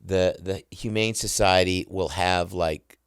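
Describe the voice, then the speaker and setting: Lively middle-aged man telling stories. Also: low voice, unhurried, smooth, dry recording, studio quality. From United States. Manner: excitable, self-interrupting, mimics sounds. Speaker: guest. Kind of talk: animated storytelling.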